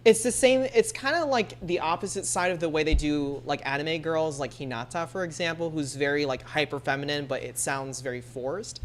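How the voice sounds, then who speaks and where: A woman's voice: low-pitched, sing-song, normal speed, a little hiss or hum. A woman streamer chatting casually and laughing often, using many fillers. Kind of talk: casual chat.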